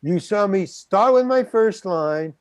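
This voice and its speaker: An older man tells a story as an interview guest, slightly high-pitched and close to a dry mic. He stammers, restarts and performs the other people's voices as he goes. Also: slow pace, dry recording. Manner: animated, acts out quoted voices, stammers and restarts. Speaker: guest actor.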